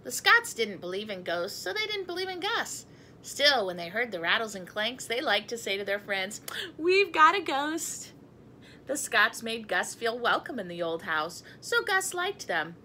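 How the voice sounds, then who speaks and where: Lively woman reading a storybook aloud. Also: mid-range voice, moderate pace, a little hiss or hum. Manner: chatty, breaks off to talk to her cat and laugh. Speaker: storybook reader. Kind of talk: reading a picture book aloud.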